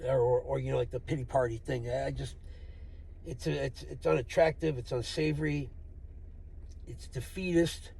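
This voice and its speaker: A man's voice: mid-range voice, steady tone, normal speed, gravelly, mellow, husky. A man telling a rambling, profane, wry story in a casual monologue, recorded in a vehicle. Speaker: vlogger.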